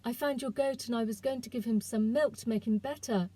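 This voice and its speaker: A woman's voice: a little high, moderate pace, mellow, pitched above the performer's own voice, lightly acted. A woman reading the lines of a determined young village girl on a desperate journey, in an urgent, pleading voice.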